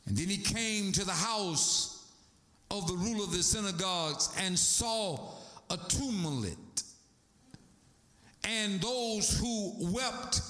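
A man's voice: high-pitched, sharp tone, reverberant. A man preaching a sermon, calling to the congregation for responses and breaking into song.

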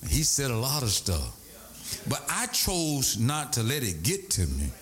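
Animated preacher man, lively voice. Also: a little slow. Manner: animated storytelling preacher, swings high and low. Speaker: pastor. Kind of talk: sermon.

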